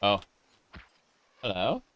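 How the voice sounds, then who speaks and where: Drawn-out words and wildly swooping pitch mark this streamer's lowish, slightly bright voice, heard with no echo. Playing live, he reads chat aloud and cracks jokes in character as he casually comments on the game.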